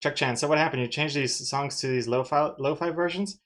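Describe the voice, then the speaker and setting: A woman's voice: deep voice, brisk. A woman from Austria chatting casually on a live stream, playful and self-mocking, often laughing at herself.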